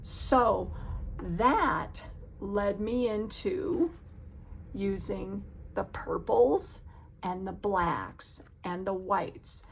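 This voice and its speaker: A woman hosts a crafting vlog from her craft room and chats in a relaxed, gushing way. Her voice has a gravelly fry to it. She takes her time, speaking slowly and unhurriedly. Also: mid-range voice, slight background noise. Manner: gushing, enthusiastic. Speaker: craft channel host. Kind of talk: casual crafting vlog chat.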